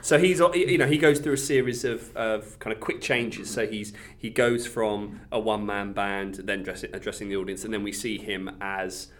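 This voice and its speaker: A man's voice: fairly low pitch, normal speed, hardly any pauses, a bit bright. A man co-hosting a podcast, thinking aloud about a film in a hesitant way, with many fillers and trailing phrases. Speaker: podcast co-host. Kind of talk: casual film discussion.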